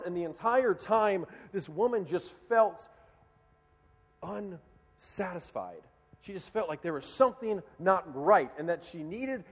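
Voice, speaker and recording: Male preacher, slightly high voice, dramatic storyteller with loud-to-hushed swings, big reverberant hall. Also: dull audio. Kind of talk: sermon storytelling.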